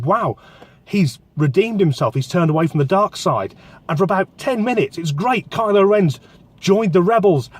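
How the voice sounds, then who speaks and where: A man reviewing a film in a casual, profanity-laced way, swept up in retelling it. His voice sits a little on the high side. He talks from inside a parked car. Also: dry recording. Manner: sweary, excitable storytelling.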